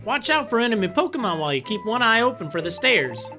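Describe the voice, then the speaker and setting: A woman's voice: mid-range voice, big pitch swings, fast, sharp tone, soft background music. Woman doing a folksy leaf-creature guide. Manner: drawling, homespun sayings. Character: folksy country-talking male leaf creature, helpful guide. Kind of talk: reading game dialogue aloud.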